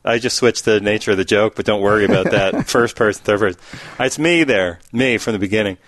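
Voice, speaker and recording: A man's voice: fairly low pitch, a little fast, fairly bright tone, no room sound. A man co-hosting a casual talk show, telling a rambling joke and laughing often. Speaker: co-host. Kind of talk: casual chat.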